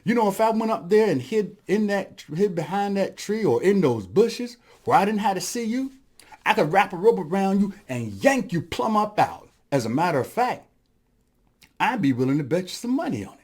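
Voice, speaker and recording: A cocky little trickster rabbit, put on by a male storyteller, bragging in a high, bouncy voice that jumps all over the place. He talks smooth and sly, like he's always selling something. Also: very animated, normal speed, a little mellow. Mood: boastful. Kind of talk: storytelling performance.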